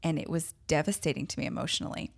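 A woman's voice: deep voice, very fast, gravelly. A woman hosting a podcast, telling a personal story in a candid, emotional way with self-deprecating laughs. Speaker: podcast host.

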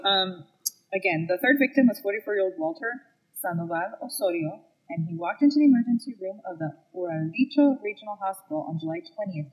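A woman's voice: mid-range voice, slightly rough, rough recording. A woman co-hosting a true crime podcast, switching between casual banter and reading case facts, often laughing and stumbling over names.

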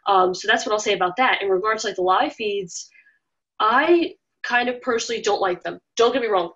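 A woman's voice: medium pitch, a little fast. Chatty woman guest who rants and acts out quotes, slightly muffled audio. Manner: rambling, animated, acts out quoted voices. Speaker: interview guest, former reality show contestant. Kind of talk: casual interview talk.

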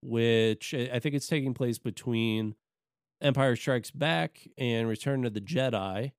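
Guy rambling about games, smooth clear voice, dry close mic. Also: mid-range voice, measured pace, no echo. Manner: rambling, with many fillers and restarts. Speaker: podcast co-host. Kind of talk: casual chat about video games.

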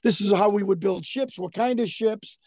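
A man being interviewed as a podcast guest, chatting and telling a story in an emphatic, excitable way with lots of repetition. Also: high voice, normal speed, dry recording. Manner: emphatic, excitable, repeats himself. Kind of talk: casual chat and storytelling.

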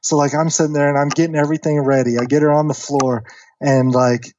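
A man in his thirties casually telling a long story on a podcast, animated and acting out the voices of the people in it. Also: on the high side, fast talker, highs cut off, slight background noise. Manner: animated storyteller, acts out quoted voices, many fillers. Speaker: podcast guest.

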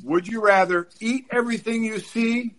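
A man's voice: high-pitched, normal speed, fairly bright tone. A man hosting a family podcast, asking questions in a teasing, playful manner. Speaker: podcast host. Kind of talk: casual podcast chat.

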